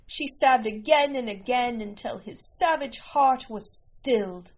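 A woman narrating a story in a slow, measured way. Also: on the high side, highs cut off.

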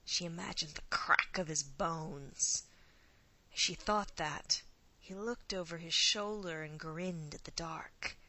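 A woman narrating a scripted story in a hushed, often half-whispered delivery. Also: on the low side, rough recording.

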